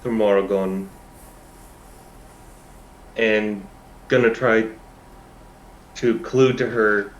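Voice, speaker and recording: A man playing in a tabletop game, slowly and hesitantly describing what his character does. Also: lowish voice, steady tone, roomy sound, muffled recording. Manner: slow, hesitant, thinking aloud. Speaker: player.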